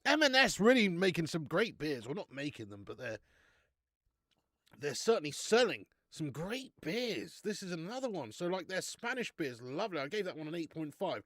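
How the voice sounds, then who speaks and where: A man's voice: on the high side, very animated, moderate pace, a bit bright, no echo, clean studio sound. A man hosting a live beer-review stream, chatting casually, laughing often and calling his viewers mate.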